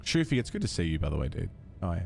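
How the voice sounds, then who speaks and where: A man's voice: low voice, sing-song, racing, vocal fry, a little hiss or hum. A young Australian man chatting casually on a game livestream, swearing freely and reading game lines aloud. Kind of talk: casual gaming stream chat.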